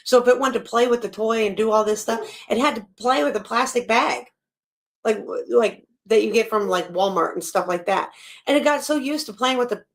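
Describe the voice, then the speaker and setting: Woman host reacting on a live stream, kinda high voice, blunt and animated, swears a lot. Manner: blunt and animated, swears freely, laughs between remarks. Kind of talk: casual reaction commentary.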